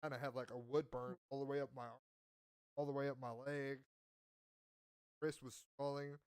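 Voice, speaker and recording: A man's voice: medium pitch, little pitch movement, moderate pace, clean tone, dry recording. A man in mid register spins a long, rambling story in a casual chat and acts out the voices of the people in it. The sound is dry, with no room around it. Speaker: podcast host.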